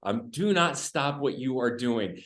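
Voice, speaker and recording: A man's voice: medium pitch, lively intonation, a little slow, a bit bright. A middle-aged man, a state governor, speaking earnestly and hopefully in a conversation, often restarting his words. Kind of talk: conversational remarks in a virtual event. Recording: roomy echo.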